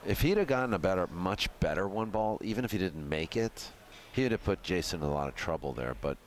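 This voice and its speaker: A man's voice: deep voice, lively intonation, fairly quick, a little hiss or hum. A man commentating a pool match live, chatty and playful, talking straight to the viewers.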